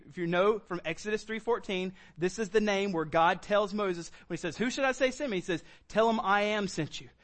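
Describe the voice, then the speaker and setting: A man preaching a sermon as pastor, animated, acting out quoted lines with sudden high bursts.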